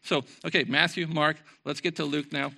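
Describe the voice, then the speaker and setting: A man preaching an informal, earnest sermon to his church, reading scripture and moving between lively talk and soft, quiet passages. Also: fairly high pitch, moderate pace, gravelly. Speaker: pastor. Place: church service.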